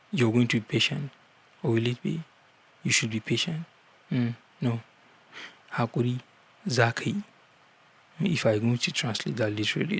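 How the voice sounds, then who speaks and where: A man's voice: medium pitch, a bit bright, breathy edge. Guy giving marriage advice on his vlog, earnest, keeps repeating words to make a point, normal mid voice.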